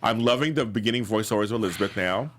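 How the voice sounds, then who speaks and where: A man's voice: lowish voice, racing, a bit bright. A man co-hosting a casual TV review show, enthusiastic and repeating words as he agrees and recounts scenes. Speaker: co-host of TV recap show.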